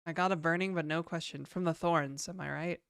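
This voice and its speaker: A woman's voice: deep voice, steady tone, a little fast, creaky, a bit bright, clear, resonant tone, dry recording, studio quality. A young adult woman with a Canadian accent chatting casually on a livestream, reading viewer questions aloud and answering them in a laid-back way.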